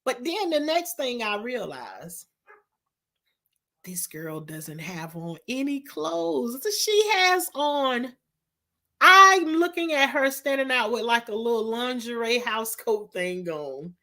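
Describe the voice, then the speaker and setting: A woman's voice: on the high side, sing-song, takes it slowly, sharp tone. A middle-aged woman, telling a storytime vlog in an emphatic, exasperated way. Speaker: vlogger.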